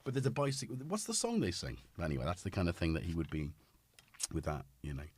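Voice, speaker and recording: A middle-aged man hosts a casual livestream on a studio dynamic microphone, his low voice swooping wildly in pitch at a quick pace, with no room sound. He rambles and chats, talking to his cat between thoughts.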